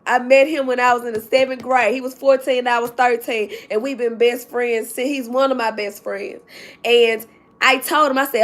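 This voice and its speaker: Woman vlogger, high voice, tearful, laughing through tears, story time. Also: fairly even intonation, moderate pace. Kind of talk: emotional story time to viewers.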